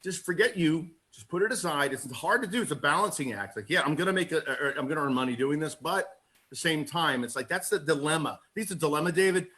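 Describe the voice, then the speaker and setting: A man talking as a sales agent on a group call, excitable and rambling, quick to laugh and calling himself a goofball. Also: a little high. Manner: self-described goofball. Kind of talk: casual call-in chat.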